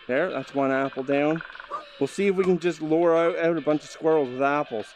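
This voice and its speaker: A man's voice: a little high, fairly quick, a little mellow, a little hiss or hum, poor audio. A man commentating his VR gameplay, exasperated and ranting at the game with mild swearing. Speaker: gameplay host. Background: game music.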